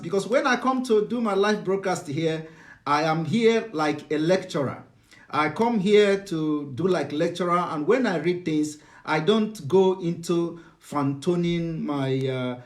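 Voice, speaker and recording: A middle-aged man from Nigeria with a Nigerian accent, speaking unscripted in a live broadcast, lecturing and halting with many fillers and restarts. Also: fairly high pitch. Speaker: host of a live online broadcast.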